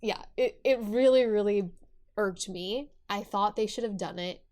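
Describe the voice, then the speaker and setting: A woman's voice: mid-range voice, measured pace, a little mellow. A woman in her twenties co-hosting a podcast, talking casually with lots of fillers and restarts. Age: 20s. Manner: chatty, many fillers and restarts. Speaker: podcast co-host. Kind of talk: casual chat.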